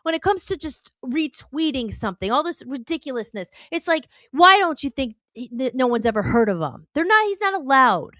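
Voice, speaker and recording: A woman's voice: high voice, very animated, brisk, hardly any pauses, bright, forceful tone, no echo. A woman on a talk stream, ranting heatedly and firing off rhetorical questions. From United States.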